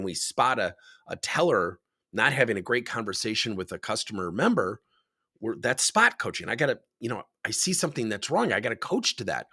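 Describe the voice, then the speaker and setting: A man's voice: medium pitch, husky. A man who coaches leaders, talking about coaching and telling workplace stories that he acts out as he goes. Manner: animated storyteller who acts out dialogue. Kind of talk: speaking to camera about coaching.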